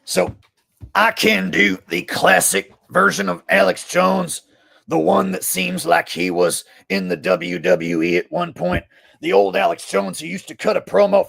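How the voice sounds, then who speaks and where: A man's voice: high-pitched, expressive, unhurried, vocal fry, fairly bright tone, no room sound, studio quality. A man, a comedian, doing live stream commentary in a boastful, profane, rambling way.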